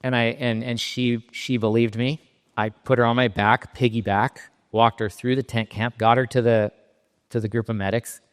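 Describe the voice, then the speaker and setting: A middle-aged man from Southern California giving a keynote talk, telling a personal story in a halting, emotionally raw way with frequent restarts. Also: mid-range voice, level tone, clean tone. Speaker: keynote speaker. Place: conference stage in a large hall. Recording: reverberant hall sound.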